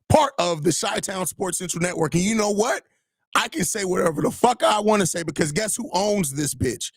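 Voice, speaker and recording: A Chicago-area man hosting a live sports podcast vents in an angry, profane rant full of repeated lines as he responds to listener comments. His voice is high, expressive and slightly breathy, and he talks fairly fast. The studio sound is clean, without echo.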